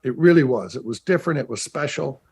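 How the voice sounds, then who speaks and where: A former player who now works as a team broadcaster chats over a video call in a relaxed interview, spinning stories with lots of animation and quick asides. His voice is husky and sits in the mid range.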